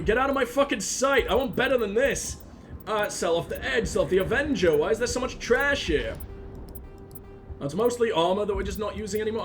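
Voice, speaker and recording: A man rambling excitably through gameplay commentary, swearing freely. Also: high-pitched. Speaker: let's play host.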